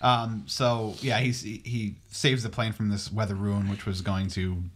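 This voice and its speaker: A man co-hosting a casual podcast, recapping a movie in a halting way with many fillers. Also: lowish voice, flat delivery, a crowd in the background. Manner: halting, filler-heavy storytelling. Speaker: podcast co-host.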